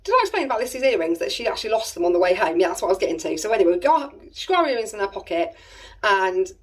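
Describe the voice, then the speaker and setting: A woman's voice: mid-range voice, big pitch swings, very fast, husky. A woman in her thirties with an English accent, rambling through a family story in casual chat, with exasperated asides. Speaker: family vlogger. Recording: voice a little distant from the mic.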